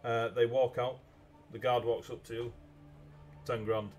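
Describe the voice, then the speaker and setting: A man's voice: medium pitch, level tone, normal speed, darkish tone. A man narrating a tabletop game as game master, rambling with many ums and uhs over a video call mic.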